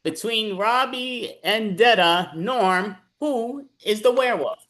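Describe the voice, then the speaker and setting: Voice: mid-range voice, takes it slowly, fairly bright tone. A host running an improv comedy game over a video call, giving casual instructions. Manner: casual, instructing, loose fillers.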